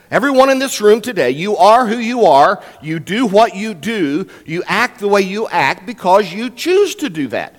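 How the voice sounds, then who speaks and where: An older man preaching a sermon as a guest pastor in a church, emphatic and varying his pace for effect. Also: high voice. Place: church sanctuary. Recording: long reverb in a church hall.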